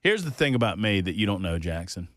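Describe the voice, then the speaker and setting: A man hosting a talk radio show, folksy and jokey, his voice jumping up in loud disbelief. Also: lowish voice, very animated, fast talker, dry recording, clean studio sound. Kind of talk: casual studio banter. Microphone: studio microphone.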